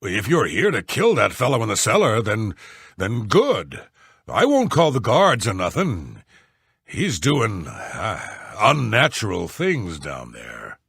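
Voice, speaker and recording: An actor voicing a series of rough male warriors, guards and sailors in video game dialogue, blunt and scornful. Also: fairly low pitch, huge pitch swings, slow pace, a bit bright, dry recording, clean studio sound, exaggerated voice. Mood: uneasy.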